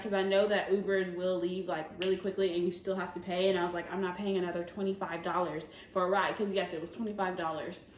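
A young woman with a Southern American accent, telling a casual storytime vlog in an animated way, laughing and using many fillers. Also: medium pitch, a little hiss or hum. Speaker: vlogger. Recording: echoey room.

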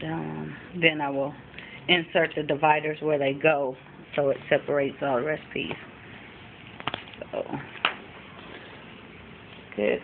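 Woman, mom vlogger, slow unhurried talk, vocal fry, tinny phone-quality sound. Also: deep voice. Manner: unhurried, chatty, frequent ums. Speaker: mom vlogger showing a thrift haul. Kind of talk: casual show-and-tell chat. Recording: phone-like lo-fi with faint background noise.

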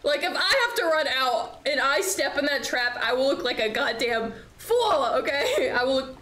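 A woman's voice: sits high, animated, moderate pace, sharp tone. A young woman streaming a horror game, chatting and swearing as she plays, with nervous laughs. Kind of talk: live game commentary. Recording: echoey room, faint noise.

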